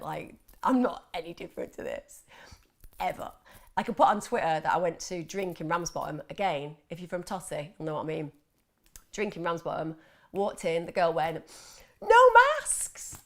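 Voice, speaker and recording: A woman hosting a live mental health Q&A, chatting casually and reading out viewer questions. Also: deep voice. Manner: chatty, animated, laughs often, mimics voices. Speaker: host of a mental health Q&A livestream.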